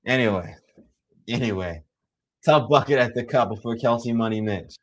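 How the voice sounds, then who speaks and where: A young man calls a game live in a loose, excitable play-by-play, teasing the players and dropping slang between calls. His voice sits at an ordinary middle pitch for a man. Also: moderate pace. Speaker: live sports commentator. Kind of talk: casual live play-by-play commentary.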